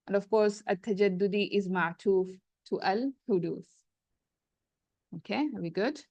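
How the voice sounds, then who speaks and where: A woman teacher takes her students through a grammar text with patient explanations and frequent check-ins. She reads out each passage at speed, then slows right down to unpack it. Her voice sits at a middle pitch, recorded close and dry. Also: a little mellow, dry recording, lo-fi sound. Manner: reads Arabic quickly, then explains slowly. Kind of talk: classroom lesson, explaining and translating a text.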